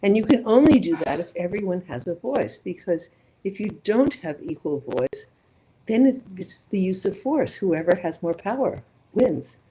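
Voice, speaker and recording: A woman's voice: medium pitch, sing-song, moderate pace, dark tone, a little hiss or hum, poor audio. A woman psychologist being interviewed, building her points thoughtfully through examples and rhetorical questions. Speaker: psychologist guest. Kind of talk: reflective interview conversation.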